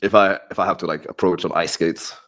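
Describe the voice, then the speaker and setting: Male co-host, low, quick, hesitant casual talker. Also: fairly even intonation, fairly bright tone, a little hiss or hum. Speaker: podcast co-host. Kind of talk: casual chat.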